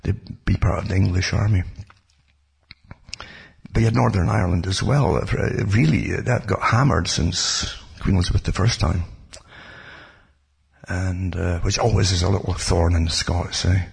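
A man's voice: low voice, fairly even intonation, normal speed, vocal fry, slightly rough. A man giving a rambling, casual talk about history, full of digressions and asides. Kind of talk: casual spoken history monologue.

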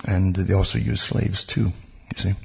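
A man's voice: sits low, fairly even intonation, moderate pace, gravelly, a little mellow, husky. A man giving a rambling, casual talk about history, full of digressions and asides. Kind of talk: casual spoken history monologue.

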